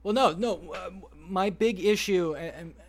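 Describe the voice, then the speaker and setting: A podcast host with a voice pitched a bit high for a man, telling a long story in a rambling, lively way. He keeps slipping in the characters' lines as he retells the plot. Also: unhurried.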